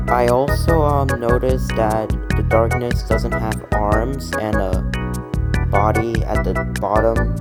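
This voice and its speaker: A woman creator casually talking through her own scrapped animation concepts, rambling and swearing with lots of ums. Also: extremely low pitch. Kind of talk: casual commentary on own artwork. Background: synthesizer music.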